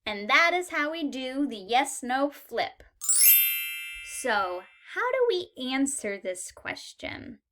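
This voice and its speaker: Speaking slowly with a high, sharp-toned and very animated voice, a woman gives a clear beginner English lesson. She stresses important words and models short sentences with patience.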